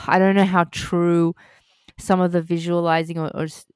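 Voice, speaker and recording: A woman in casual chat about a show, playful with quick asides. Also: fairly low pitch, little pitch movement, smooth, no room sound, clean studio sound.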